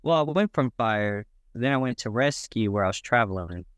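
A man as a podcast guest, explaining his work in a relaxed, plainspoken way. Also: mid-range voice, normal speed, dry recording. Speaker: guest, boat builder. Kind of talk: casual podcast chat.

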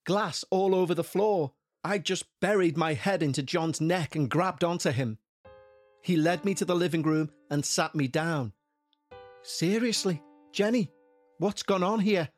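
A man reads a first-person horror account in a fairly high voice, with soft music running underneath. His delivery stays tense and measured, and his pitch climbs when the story grows frightening. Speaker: narrator. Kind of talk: scripted horror narration.

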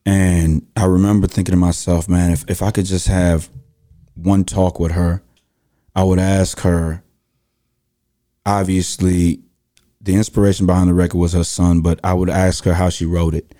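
A man's voice: low voice, little pitch movement, normal speed, mellow. A man hosting a podcast, asking questions in a thoughtful, storytelling way with restarts. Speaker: podcast host. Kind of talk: casual interview chat.

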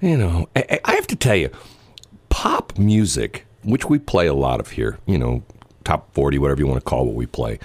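Low-voiced guy doing morning radio banter, rambles and restarts a lot, dry studio mic. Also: darkish tone, no room sound. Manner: rambling, with many restarts and fillers. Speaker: radio morning show host. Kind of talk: casual on-air banter.

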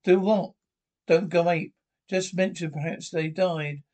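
British sitcom banter, high-pitched and squabbling. Lines fly back and forth in a quick comic rhythm. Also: male voice, fairly even intonation, a little mellow. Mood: bickering.

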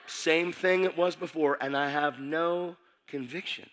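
A man preaching a testimony, animated and emphatic, dropping to a hush and then shouting as he acts out the scenes. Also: a little high, unhurried, a little hiss or hum. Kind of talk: sermon testimony storytelling.

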